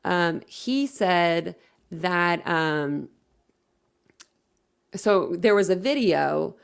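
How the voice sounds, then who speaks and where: A woman's voice: fairly low pitch, expressive, extremely slow, vocal fry, smooth. A woman hosting a casual livestream, rambling and chatting while reading viewer comments aloud. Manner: rambling, chatty, many fillers and self-corrections. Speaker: livestream host.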